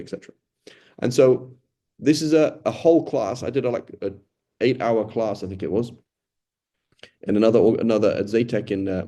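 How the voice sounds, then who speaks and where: Mellow-voiced man giving a casual religious lecture. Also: medium pitch. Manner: conversational, thinks aloud with frequent "right?" and restarts. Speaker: religious teacher. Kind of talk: informal lecture on Quran study.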